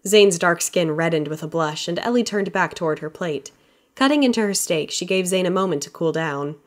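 A woman with a somewhat lower voice for her sex narrates an audiobook. Her storytelling is steady and even, in a plain scripted read. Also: fairly quick.

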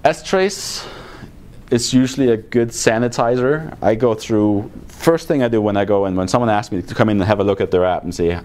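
A man's voice: fairly low pitch, moderate pace, darkish tone. A man giving a technical conference talk in a blunt, exasperated manner with sarcastic asides. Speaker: conference speaker. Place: conference room.

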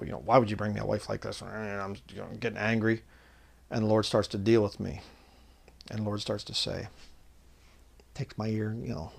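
A man preaching informally online, reading scripture slowly and loudly, then talking casually with fillers. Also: mid-range voice. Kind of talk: informal Bible teaching.

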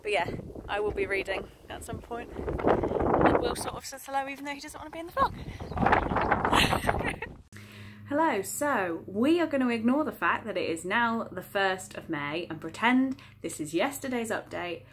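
A woman's voice: on the high side, animated, normal speed, long pauses, very noisy. A young woman talking casually to camera as a book vlogger, chatty and self-deprecating, often rambling. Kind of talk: casual vlog chat.

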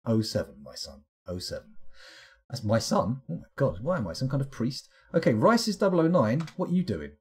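A man streaming live gameplay, narrating combat excitedly and joking with the game's characters. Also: mid-range voice, a little fast, a little hiss or hum. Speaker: game streamer.

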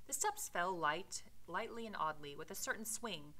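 Bright-toned woman reading aloud. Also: lowish voice, moderate pace, hardly any pauses, rough recording. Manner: expressive reading, voicing dialogue with dramatic emphasis; casual explanatory asides with fillers. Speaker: teacher reading a novel aloud. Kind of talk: read-aloud with commentary.

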